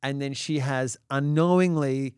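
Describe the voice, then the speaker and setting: A man, co-hosting a parenting podcast and telling a story in a casual, animated way, acting out quotes, laughing and swearing. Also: medium pitch, a little slow, clean tone, dry recording, clean studio sound. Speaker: podcast co-host, dad.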